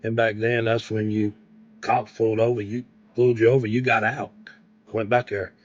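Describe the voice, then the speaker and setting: A man's voice: on the low side, level tone, moderate pace, lo-fi sound. A man, a friend telling a dry, plain-spoken road story in an interview.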